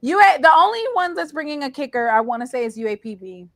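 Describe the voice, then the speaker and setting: Woman, teasing sports chat, lively pitch, bright, dry close sound. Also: fast, no room sound. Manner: teasing, emphatic, fan-like. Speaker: co-host.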